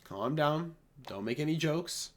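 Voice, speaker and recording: A man's voice: on the high side, expressive, measured pace. Dude rambling thru his fight picks, swears a lot, blunt and opinionated. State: late at night, blowing his nose. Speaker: MMA fight predictions host. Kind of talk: casual fight breakdown vlog.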